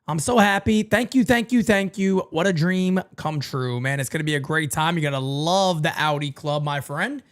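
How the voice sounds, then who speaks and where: A man calls a baseball game live for his stream, his voice swooping up in excited bursts and dropping low for quick asides. He talks into a desk microphone at home, casual and chatty with his viewers. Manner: animated, jumps between hype and low asides. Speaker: live baseball watch-party host. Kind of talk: live play-by-play commentary and sponsor read.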